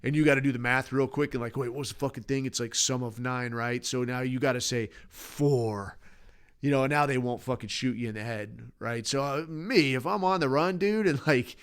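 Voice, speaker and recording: A man's voice: medium pitch, normal speed, clean tone. Rambling, profane podcast-host man. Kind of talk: casual solo rant.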